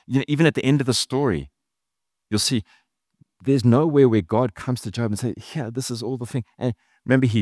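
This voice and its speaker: A man's voice: on the low side, darkish tone, dry recording, studio quality. A man, a pastor, giving an earnest, conversational sermon with casual asides.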